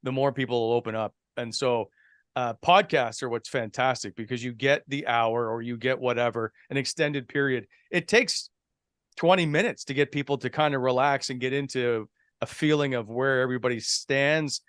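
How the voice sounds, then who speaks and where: Relaxed broadcaster from New Brunswick. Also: male voice, mid-range voice, moderate pace, clean tone, no echo, clean studio sound. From Canada, New Brunswick. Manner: relaxed, conversational storyteller. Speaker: podcast guest, broadcaster. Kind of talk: casual chat.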